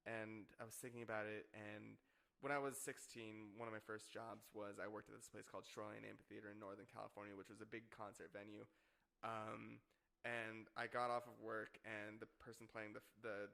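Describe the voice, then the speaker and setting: Young male podcast guest, twenties; gravelly, bright, rambly casual talker. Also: lowish voice. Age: 20s. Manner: rambling, heavy use of filler words. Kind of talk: casual chat.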